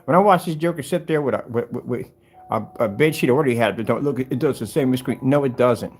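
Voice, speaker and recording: A man demonstrating projector screen paint in a combative, animated way, talking straight to his critics. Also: mid-range voice, quick pace, slightly rough. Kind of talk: product demonstration rant.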